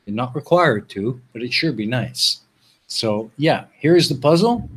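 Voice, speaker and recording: A man hosting a live stream, talking to his audience and guest in a relaxed, chatty way. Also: mid-range voice, a little slow, slightly rough. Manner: relaxed and chatty, laughs along. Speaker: host. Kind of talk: casual live-stream chat.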